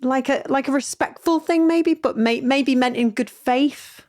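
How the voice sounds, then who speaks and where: A woman's voice: sits high, measured pace, darkish tone. A woman hosting a podcast, chatting in a bubbly, teasing way and laughing often. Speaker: podcast host. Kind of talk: casual podcast chat.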